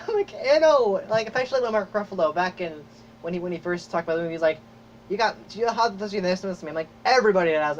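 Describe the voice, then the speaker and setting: Man, podcast host, casual excited chat, lots of fillers, muffled lo-fi audio. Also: high-pitched. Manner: excited, rambling with many fillers and acted-out reactions. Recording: dull lo-fi audio with faint noise.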